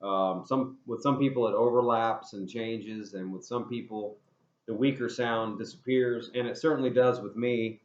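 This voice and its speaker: A man teaching English pronunciation, spelling words out letter by letter and repeating sounds slowly for learners to copy. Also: mid-range voice, steady tone. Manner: slow, deliberate modeling of sounds, spelling words out and repeating drill phrases. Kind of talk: pronunciation lesson. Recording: roomy, slightly dull recording.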